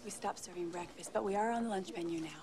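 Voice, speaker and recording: A woman playing a brisk, polite fast-food clerk. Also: medium pitch, darkish tone, a little hiss or hum, close to an everyday voice.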